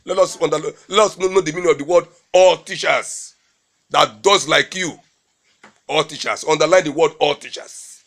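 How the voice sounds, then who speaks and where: An exasperated husband , played by a man, mocks his wife in Warri Pidgin, repeating his jabs with slow, stretched-out emphasis. His voice sits a little higher than most men's. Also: a bit bright. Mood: mocking. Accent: Warri Nigerian Pidgin. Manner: mocking, repeating phrases with drawn-out emphasis. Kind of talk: comedy skit acting.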